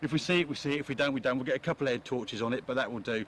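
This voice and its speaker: An excited angler at a lakeside at night, swearing happily, caught on an old camcorder. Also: male voice, medium pitch, racing. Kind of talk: excited casual chat. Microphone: camcorder on-board mic. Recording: grainy old camcorder audio with group noise.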